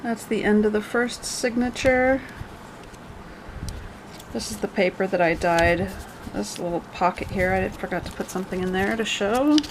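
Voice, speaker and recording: A woman's voice: medium pitch, normal speed, background noise. A woman casually walking through her handmade journal page by page, chatty and rambling with jokey asides. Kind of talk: casual show-and-tell.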